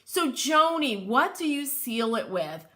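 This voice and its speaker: A woman's voice: sits high, very animated, takes it slowly, pushed and bright. A middle-aged woman from Connecticut with a Connecticut accent, hosting a live craft tutorial, chatting and laughing as she reads viewer comments aloud. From Connecticut, USA.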